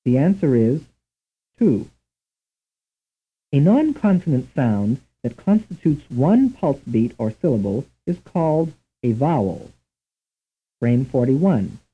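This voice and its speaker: A man reading a scripted language lesson in a slow, measured, deliberate way, on a tinny old tape recording. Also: mid-range voice, very animated, husky. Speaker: language instructor. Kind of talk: scripted programmed-lesson narration.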